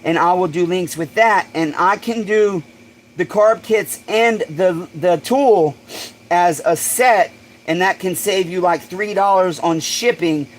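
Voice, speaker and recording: A man hosting a casual livestream, excitable and swearing freely, bursting into shouts. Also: sits high, takes it slowly, a little hiss or hum, rough recording. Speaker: livestream host.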